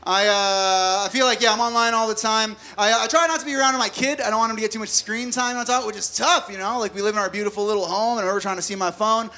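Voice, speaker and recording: High, bright-voiced man doing stand-up. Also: fairly even intonation. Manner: conversational, quick jokes told to a live crowd. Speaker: stand-up comedian. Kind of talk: stand-up comedy set. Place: comedy venue stage with a live audience.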